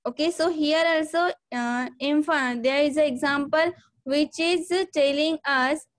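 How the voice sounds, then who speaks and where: A woman's voice: sits high, fairly even intonation, a little slow. A woman teaching a grammar lesson, explaining step by step and saying "okay" again and again. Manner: repeats "okay" and "see here" often, explains step by step.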